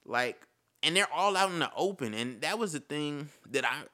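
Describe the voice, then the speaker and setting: A man's voice: a little high, expressive, normal speed, sharp tone. A man giving an impassioned casual monologue, repeating his points and calling the listener "bro". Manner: impassioned, repetitive, says "bro".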